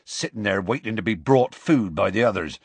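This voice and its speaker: A man voicing Hagrid, a big gruff half-giant who tells the story in rough, homely speech. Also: on the low side, lively intonation, no room sound. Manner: rough colloquial grammar, slow homely storytelling.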